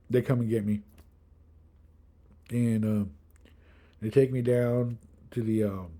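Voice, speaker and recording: A man in his thirties telling a long personal story in a loose, rambling way, full of fillers. He livens it up by acting out quotes from the people around him. His voice is mellow, sitting at an ordinary pitch. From Milwaukee area. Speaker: kidney transplant patient.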